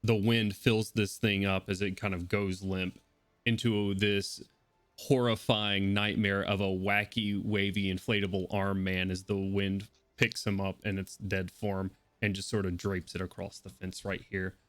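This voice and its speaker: A man narrating as game master of a tabletop role-playing game, brisk and descriptive. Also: deep voice, little pitch movement, no echo.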